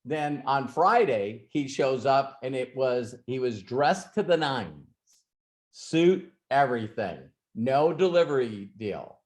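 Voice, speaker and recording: A man hosts an ask-me-anything session in a relaxed, storytelling manner. He rambles, restarts his sentences and throws in asides as he goes. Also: mid-range voice, slow. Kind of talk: casual storytelling and advice.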